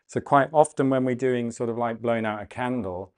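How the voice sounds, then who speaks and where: A man leading a guided breathing and mobility class, cueing calmly and gently, often slowing down and repeating phrases. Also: mid-range voice. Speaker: movement and breathwork instructor. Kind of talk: guided exercise class instruction.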